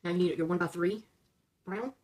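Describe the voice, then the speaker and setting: Fast-talking husky woman giving step-by-step instructions. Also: on the low side, a little mellow. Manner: talks viewers through each step, checking in with "okay?"; chatty, stumbles over numbers and corrects herself. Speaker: LEGO build-along host.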